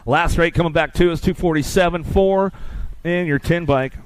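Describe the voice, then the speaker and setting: A man's voice: fairly high pitch, moderate pace, clear, resonant tone. A man calling live races as the announcer, rattling off play-by-play and bantering with the crowd. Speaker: race announcer. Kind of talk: live race commentary.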